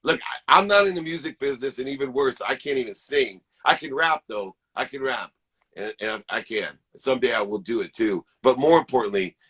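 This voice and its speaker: A man's voice: medium pitch, fairly quick, fairly bright tone, husky. A man co-hosting a talk show, enthusiastic and preachy, rambling with spiritual asides. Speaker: show co-host. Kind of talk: energetic podcast conversation.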